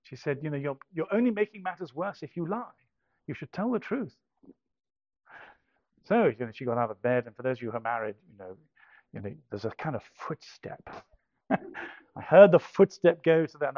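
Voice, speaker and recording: Halting, self-mocking English man telling a story. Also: on the high side, creaky, darkish tone, no room sound. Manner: self-deprecating, halting with many restarts. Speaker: speaker telling a conversion story. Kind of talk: anecdotal storytelling talk. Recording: dull lo-fi dry recording.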